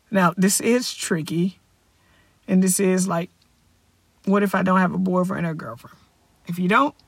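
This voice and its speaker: A man's voice: sits high, creaky, husky, no echo. A young man hosting his own podcast, talking casually, upbeat and rambling, correcting himself and firing off rhetorical questions. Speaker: podcast host. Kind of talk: casual solo podcast talk.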